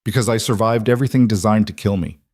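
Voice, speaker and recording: A man reading as a cold, steady she-wolf leader. Her lines come low and even with no room sound, each one clipped and firm. A storybook heroine who does not back down. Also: quick pace, no echo, studio quality, natural voice. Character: defiant young female wolf-shifter leader, cold and steady. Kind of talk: audiobook character reading.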